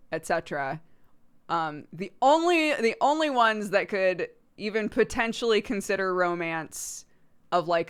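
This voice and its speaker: A woman hosting a livestream, chatting casually in an animated way, laughing often and swearing now and then. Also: on the low side, smooth. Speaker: livestream host. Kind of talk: casual stream chat.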